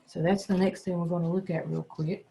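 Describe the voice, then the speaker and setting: Gravelly-voiced teacher sounding out words. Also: mid-range voice, level tone, dark tone, slight background noise. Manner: patient, sounds words out slowly and spells letters. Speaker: second grade teacher. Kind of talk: phonics lesson for young children.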